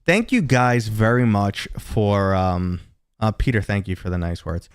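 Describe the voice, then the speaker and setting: Low-voiced chatty man streaming from home. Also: animated, measured pace, clear, resonant tone, dry recording, studio quality. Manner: rambling, chatty, talks to viewers and his dog. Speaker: gaming livestream host. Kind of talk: casual livestream chat.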